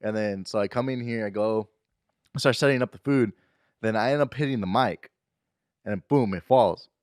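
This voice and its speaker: A man's voice: lowish voice, moderate pace, a little mellow, clean tone, no echo, studio quality. A man on a casual podcast telling a story in a rambling way, with laughs between phrases. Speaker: podcast co-host. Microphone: podcast studio mic.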